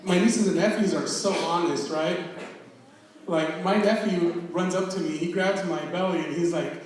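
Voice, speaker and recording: At a live comedy show, an audience laughs along as a man in his thirties runs through a self-deprecating stand-up set of stories and acted-out quotes. His voice sits high and moves at a moderate pace, and the recording picks him up from far off in a roomy, echoey hall.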